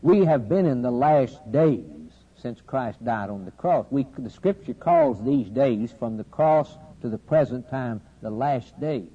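A man preaching a sermon, with a steady preaching cadence that builds to loud, emphatic climaxes with dramatic pauses. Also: mid-range voice, slightly rough. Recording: dull lo-fi sermon recording with faint hiss.

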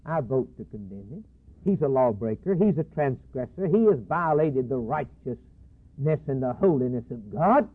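A man's voice: medium pitch, animated, normal speed, voice pushed down. A man preaching a sermon, acting out the Law as a stern male accuser listing charges. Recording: husky tinny phone-like broadcast.

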